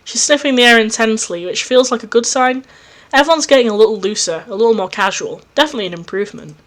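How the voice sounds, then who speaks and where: A woman hosting a reading of fan fiction, narrating and gushing excitedly between scenes. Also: on the high side, fast talker. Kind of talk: storybook narration with gushing reactions.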